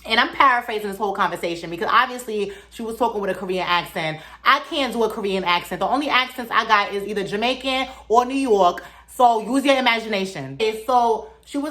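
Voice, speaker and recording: A young woman comedian with a fairly high voice tells a stand-up story. Her delivery is brash and sassy, punchy and full of profanity. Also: fast talker, few pauses, pushed and bright.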